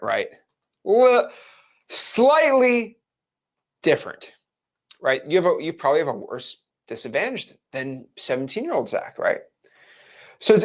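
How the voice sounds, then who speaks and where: A man's voice: fairly high pitch, a bit bright. A man in his twenties giving a blunt, frank motivational talk to camera as a real estate wholesaling coach. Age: 20s.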